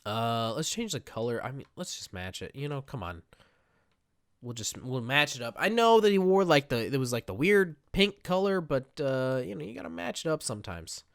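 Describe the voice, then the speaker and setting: Rambling man with a lively, swooping voice. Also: medium pitch, moderate pace, dry recording, clean studio sound. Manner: rambling, chatty, self-mocking. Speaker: gaming video creator. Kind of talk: casual gameplay commentary.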